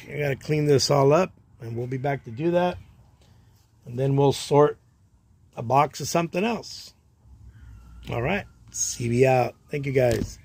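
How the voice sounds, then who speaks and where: A man hosting a casual livestream, chatting in a relaxed way and talking to himself as he sorts baseball cards. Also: mid-range voice. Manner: relaxed, chatty, talks to himself while sorting. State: tired, yawning. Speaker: livestream host, card collector. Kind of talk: casual livestream chat while sorting cards.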